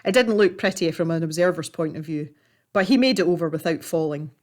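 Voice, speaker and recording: A woman calmly narrating a story while she paints. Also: deep voice. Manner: calm, measured storytelling. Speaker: artist and storyteller.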